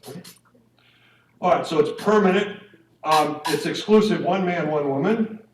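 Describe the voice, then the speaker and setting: A man's voice: on the high side, moderate pace, a little hiss or hum. A man giving a conversational faith talk to couples at a parish marriage evening. He speaks informally and keeps checking in with his listeners through tag questions. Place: church hall or meeting room. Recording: echoey room, mic at a distance.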